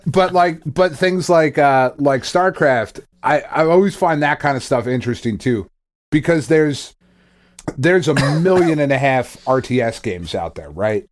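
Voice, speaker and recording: Podcast host guy, mid pitch, rambling and cussing and laughing a lot. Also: lively intonation, unhurried. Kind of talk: casual podcast chat.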